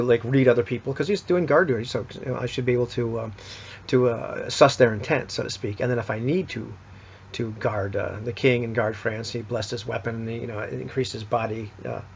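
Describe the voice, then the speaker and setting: A man's voice: medium pitch, gravelly, darkish tone, slight background noise. A man recapping a tabletop game session in a rambling, casual way, full of fillers and restarts. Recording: dull lo-fi recording.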